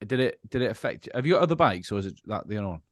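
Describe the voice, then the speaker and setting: A man's voice: fairly low pitch, expressive, rapid-fire, no room sound, clean studio sound. A man hosting a podcast in casual chat, laughing often and chipping in with short questions.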